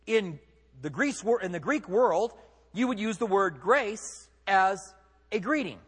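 A man's voice: sits high, animated, a little slow, husky, long reverb tail. A man preaching a sermon as pastor, conversational and emphatic, with rhetorical questions.

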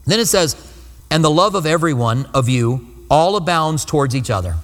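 Pastor teaching in an echoing hall. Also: male voice, fairly high pitch, animated, brisk. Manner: earnest, explanatory, repeats phrases for emphasis. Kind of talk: expository Bible teaching sermon. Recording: long reverb of a hall.

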